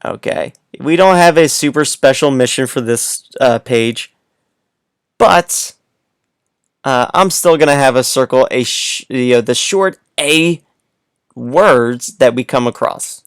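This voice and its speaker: Slow, playful male teacher reading aloud. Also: medium pitch, smooth, no room sound, clean studio sound. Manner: playful, coaxing, speaks straight to the child. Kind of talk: read-aloud lesson for young children.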